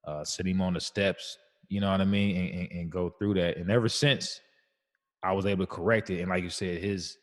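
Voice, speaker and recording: Very low-voiced laid-back man. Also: fairly even intonation, brisk, long reverb tail. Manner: laid-back, slangy, reflective storytelling. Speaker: podcast co-host. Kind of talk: casual chat.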